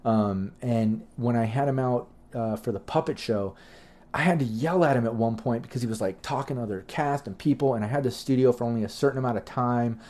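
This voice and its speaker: A man's voice: mid-range voice, brisk, a little mellow. A middle-aged man hosting a livestream, telling loose, profane stories in a chatty, rambling way with lots of fillers. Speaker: livestream host answering chat questions. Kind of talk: casual rambling storytelling.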